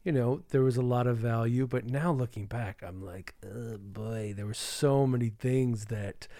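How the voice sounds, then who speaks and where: A man's voice: mid-range voice, a little slow, warm tone, no room sound, clean studio sound. A man in casual chat, speaking in a reflective, rueful way about a past friendship.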